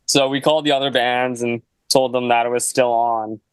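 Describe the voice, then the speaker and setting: A man's voice: medium pitch, little pitch movement, normal speed, clean tone, no echo, poor audio. A young man, a guest musician, telling a casual story in a laid-back way, full of "like" and "you know.". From Canada.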